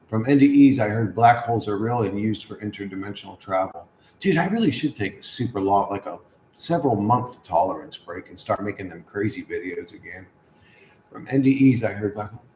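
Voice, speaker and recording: A man's voice: fairly low pitch, darkish tone, roomy sound, slight background noise, low-quality recording. A man hosting a casual livestream, reading chat and answering in a crude, sardonic, rambling way.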